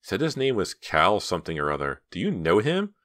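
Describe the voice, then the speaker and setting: A man's voice: low-pitched, huge pitch swings, brisk, fairly bright tone, no echo, studio quality, pitched above the performer's own voice, heavily acted. A man voicing a playful, nosy teenage girl in an audiobook, in a raised, chatty voice.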